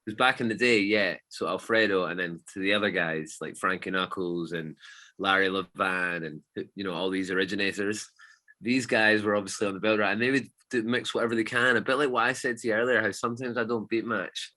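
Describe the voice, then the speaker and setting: A man, a DJ guest telling stories in a casual, animated chat and swearing freely. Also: on the low side, fairly quick.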